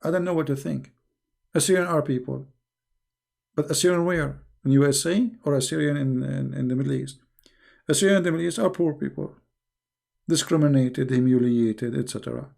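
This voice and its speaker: Brisk and darkish with vocal fry, this mid-range male voice comes from a live stream host answering viewer questions. He speaks emphatically, scolding, and frequently repeats words as he starts over.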